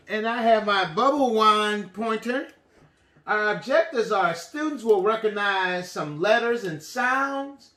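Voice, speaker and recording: A man leads a preschool class in call and response, and his delivery is animated and sing-song. He speaks slowly, with a bright, forceful voice. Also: very high-pitched. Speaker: teacher. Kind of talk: early-childhood lesson, call and response.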